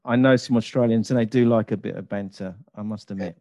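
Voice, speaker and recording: A man's voice: on the low side, fairly even intonation, quick pace, mellow, dry recording. A man hosting a podcast interview over a video call. He opens with a formal welcome and then moves into easy banter. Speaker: podcast host.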